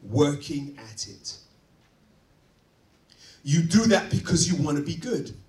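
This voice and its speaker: A man preaching a sermon, dynamic, swinging from quiet asides to loud emphatic points. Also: on the high side, recorded from a distance. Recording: roomy, from off-mic.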